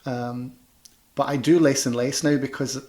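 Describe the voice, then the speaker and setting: A man's voice: medium pitch, steady tone, moderate pace, a little mellow. A man with a Scottish Glasgow accent, a panto performer and director, chatting loosely in an interview with many restarts. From Scotland. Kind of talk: casual interview chat.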